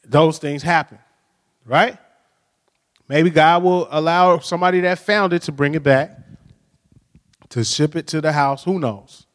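Male pastor, high voice, chatty storytelling sermon, reverberant church sound. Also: unhurried, pauses often, fairly bright tone. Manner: storytelling, frequent "right?" tag questions. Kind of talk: conversational sermon. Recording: long hall reverb.

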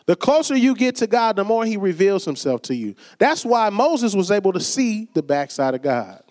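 Male preacher, high voice, conversational sermon, acts out quoted voices, echoing church hall. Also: very animated, moderate pace, darkish tone. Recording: long reverb of a church hall.

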